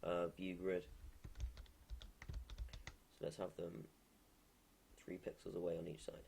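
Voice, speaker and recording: Low, gravelly man muttering while he works. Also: monotone, takes it slowly, darkish tone, a little hiss or hum. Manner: hesitant, muttering, self-correcting. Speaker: game developer streaming live. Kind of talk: casual thinking aloud while drawing pixel art.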